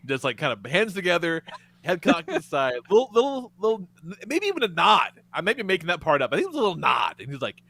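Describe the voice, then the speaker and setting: A man with a bright, high-set voice, swinging up and down as he tells a funny story on a podcast. He talks casually, swears and laughs, and acts out the lines of the people in his story. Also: huge pitch swings, quick pace. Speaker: podcast host.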